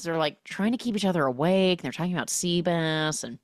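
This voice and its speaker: Low-voiced woman animatedly recapping a film. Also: a little fast, no room sound, clean studio sound. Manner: animated storytelling, acts out characters' lines and hums score. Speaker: podcast host recapping a film.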